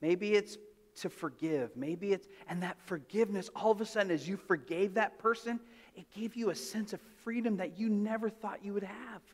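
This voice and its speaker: A male pastor with a high voice preaches at a moderate pace, telling stories in a loose, conversational way. He frequently restarts and drifts into asides, and his voice rings with long reverb through the church sanctuary.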